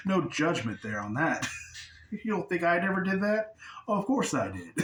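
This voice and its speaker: A spiritual teacher with a high-pitched, somewhat bright voice gives a casual, conversational talk, swearing freely and laughing often as he explains. The sound is roomy and distant, with a little hiss or hum.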